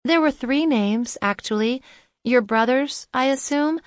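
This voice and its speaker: A woman's voice: high voice, a little slow, no echo, studio quality, voice pushed up. A woman playing a determined, probing young woman. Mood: insistent. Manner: probing, insistent questioning.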